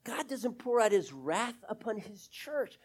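A middle-aged man preaching a sermon as pastor, earnest, drawing out key words and swinging between loud emphasis and hushed, near-whispered asides. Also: high-pitched, very animated, a little slow, breathy edge.

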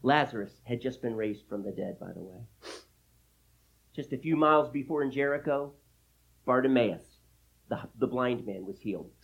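Husky, lively-voiced man preaching. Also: mid-range voice, normal speed, long pauses, lo-fi sound. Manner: emphatic, animated Bible teaching with asides to listeners. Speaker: pastor. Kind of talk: expository sermon.

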